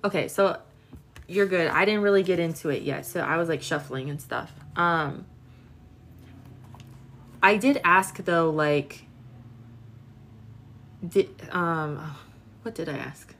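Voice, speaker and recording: A woman in her twenties gives a casual tarot reading on a live stream, chatting to viewers with plenty of filler words. Her voice is lowish and fairly bright, and she takes it slowly with frequent pauses.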